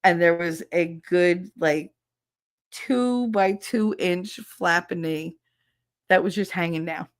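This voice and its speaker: A middle-aged woman hosting a livestream, telling a profane, animated story and laughing often. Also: on the low side, slow, no echo, clean studio sound. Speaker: livestream host. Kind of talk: casual storytelling.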